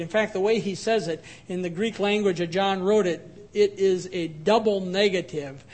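A male pastor delivers a sermon with earnest emphasis, mixing rhetorical questions and personal stories. His voice sits noticeably high for a man. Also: moderate pace, hardly any pauses, darkish tone.

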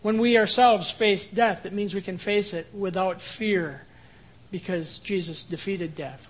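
A man preaching an earnest sermon, who later leads a quiet prayer. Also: high-pitched, measured pace, poor audio. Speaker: pastor.

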